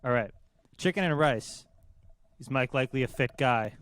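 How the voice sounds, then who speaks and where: A man's voice: mid-range voice, moderate pace, a bit bright. A young man co-hosting a podcast, giving crude, blunt opinions in a rambling way. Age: young adult. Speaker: podcast co-host. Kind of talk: casual chat.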